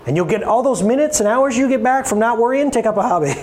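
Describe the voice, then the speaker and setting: Male pastor, high and lively voice, playful sermon delivery, faint room hum behind. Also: fast. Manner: animated, playful, acts out voices.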